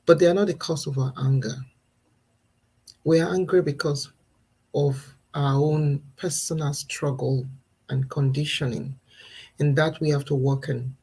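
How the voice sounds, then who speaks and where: A woman's voice: low voice, steady tone, a little slow, pauses often, warm tone, slightly rough, low-quality recording. A woman in her thirties, a mother sharing earnest, reflective thoughts in a casual live video and laughing now and then between points. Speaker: parenting vlogger. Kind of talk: casual live-stream talk.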